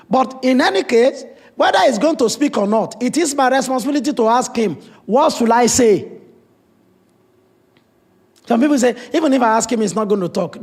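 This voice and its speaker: A man's voice: very high-pitched, darkish tone, husky. A man from Africa preaching a sermon as pastor, in a conversational way with blunt humor.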